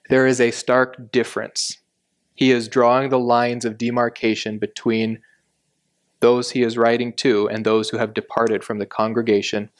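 A man teaching an expository sermon, explaining scripture in a measured way and stressing key words. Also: mid-range voice. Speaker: Bible teacher.

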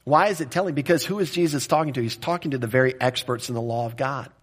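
A male pastor preaching an expository sermon at an average pitch. He talks in a conversational, direct way. He often checks in with the listeners. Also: quick pace.

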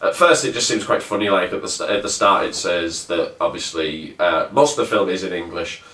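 A man's voice: sits low, fairly quick, pushed and bright, far from the mic. A man hosting a casual film review, rambling with lots of fillers and restarts, recorded in an echoey room some way from the mic. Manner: rambling, hesitant with many fillers. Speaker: podcast host reviewing a film.

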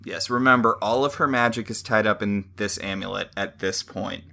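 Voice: medium pitch, moderate pace, vocal fry, pushed and bright. A podcast co-host recapping a TV episode in casual chat, rambling and going off on tangents.

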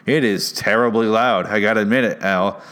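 A man's voice: fairly low pitch, fairly quick, fairly bright tone, smooth. A man hosting a comedy podcast from a studio, talking into a close mic in a rambling, sarcastic, self-mocking way. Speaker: podcast host. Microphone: studio mic with headphones.

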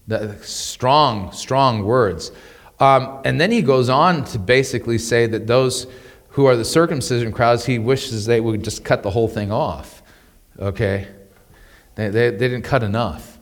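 A man teaching the Bible in a conversational, animated way, often stumbling over and repeating his words and chuckling as he explains. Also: medium pitch, measured pace, long reverb tail.

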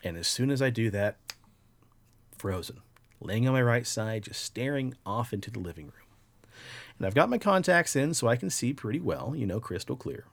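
A podcast host telling a story casually in a relaxed, animated way, with swearing throughout. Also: male voice, mid-range voice, normal speed, no echo.

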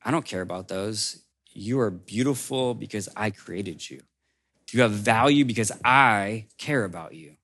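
A man voicing a kind old male woodmaker who speaks softly and tenderly in a storybook tale. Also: on the low side, animated, moderate pace, husky. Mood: gentle.

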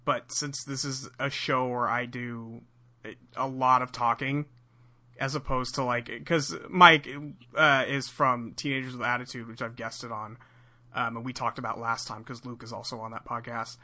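A man hosting a podcast in casual chat, animated and jokey. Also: mid-range voice, moderate pace. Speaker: podcast host.

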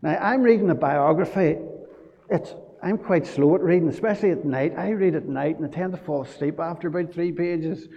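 Pastor guy doing the kids' talk, kinda high and gravelly, big echoey church. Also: brisk, highs cut off. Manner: gentle storytelling, asks children questions. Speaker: pastor giving a children's talk. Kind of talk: children's talk in a church service.

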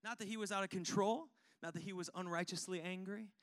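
A man preaching a sermon, fervent and chatty, calling out to the congregation and swinging from hushed tones to loud ones. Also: high-pitched, steady tone, quick pace. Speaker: pastor.

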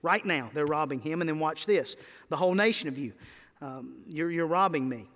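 High-voiced preacher man in echoing sanctuary. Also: moderate pace, a bit bright. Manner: rising to emphatic exhortations. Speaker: pastor. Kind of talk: sermon.

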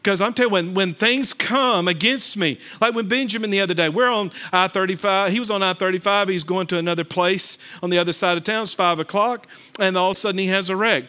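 A middle-aged man preaching a sermon as pastor, telling stories and swinging between loud bursts and hushed calm. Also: high-pitched, fast, clean tone.

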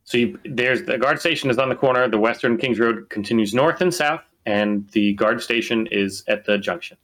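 Male game master; narrates hesitantly with fillers, bright and forceful tone. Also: medium pitch. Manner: halting, many fillers and restarts.

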